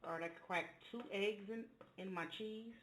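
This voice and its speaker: A man's voice: sits high, normal speed, noisy background. A man chatting casually to viewers as a home cook while making a meal in his kitchen, rambling from one thing to the next. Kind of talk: casual cooking video.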